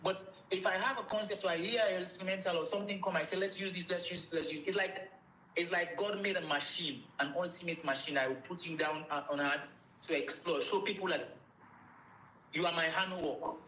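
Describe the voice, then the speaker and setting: A man's voice: high-pitched, brisk, sharp tone, a little hiss or hum. Sierra Leonean man, echoey room. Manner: repeats phrases, restarts, mixes in Krio words. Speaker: musician guest. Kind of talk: casual interview.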